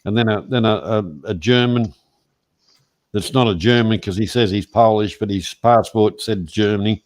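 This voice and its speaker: A man's voice: lowish voice, normal speed. Rambling, irreverent Australian man. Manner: rambling storyteller, irreverent, swears. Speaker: host. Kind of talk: casual chat.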